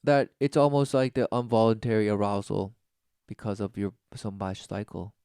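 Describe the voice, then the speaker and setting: Sarcastic man with a crisp voice. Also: fairly low pitch, level tone, moderate pace, darkish tone, no room sound, clean studio sound. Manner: sarcastic, mocking; reads study text aloud, then scoffs. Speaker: preacher. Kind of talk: preaching commentary.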